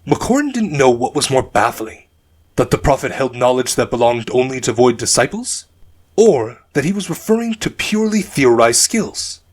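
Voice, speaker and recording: A man narrating a dark fantasy audiobook in a measured storytelling manner. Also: mid-range voice, very animated.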